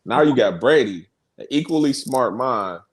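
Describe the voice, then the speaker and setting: A man co-hosting a casual podcast, chatting about sports and news in an animated, storytelling way and quoting others. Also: medium pitch, moderate pace. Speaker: podcast co-host. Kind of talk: casual chat and sports talk.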